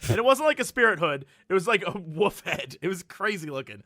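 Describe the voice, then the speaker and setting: Bright high-voiced man in animated podcast chat. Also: a little fast, dry recording, clean studio sound. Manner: animated storytelling, laughs often. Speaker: podcast co-host. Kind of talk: casual chat.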